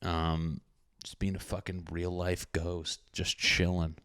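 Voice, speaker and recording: A man's voice: sits low, little pitch movement, slow pace, fairly bright tone, clean tone, no room sound, studio quality. A young man hosting a casual solo podcast, rambling and joking crudely with lots of swearing. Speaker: podcast host.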